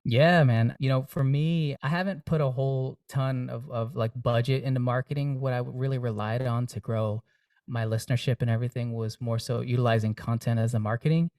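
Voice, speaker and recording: A man's voice: medium pitch, steady tone, a little fast, darkish tone, no room sound, studio quality, recorded from a distance. A young man, a singer-songwriter guest, talking earnestly and reflectively in a casual interview, with many fillers and restarts.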